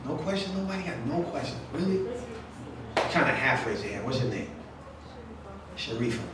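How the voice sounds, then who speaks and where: A man's voice: mid-range voice, very animated, moderate pace. A man, an author, talking casually with young readers and answering their questions, joking and acting out quoted voices. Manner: chatty, jokey, acts out quoted voices. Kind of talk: casual talk with audience Q&A. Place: event room at a literary center. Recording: very echoey room from far off, faint noise.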